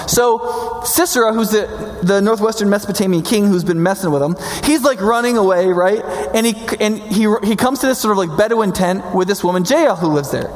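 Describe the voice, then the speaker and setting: High-voiced man telling Bible stories. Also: a little fast. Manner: animated, jokey, frequent "right?" tags, acts out quotes. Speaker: Bible teacher. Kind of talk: casual storytelling lecture. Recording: long hall reverb.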